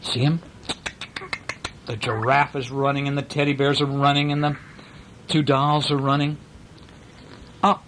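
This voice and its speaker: An older man reading a picture book aloud to a child, animated and pointing out the pictures. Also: mid-range voice, a little hiss or hum, poor audio. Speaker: storyteller.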